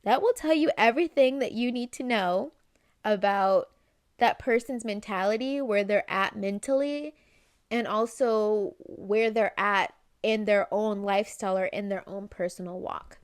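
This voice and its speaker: A woman giving casual self-help advice straight to camera, chatty, with many "right?" asides and quick acted-out snippets of conversation. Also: mid-range voice, no room sound, studio quality.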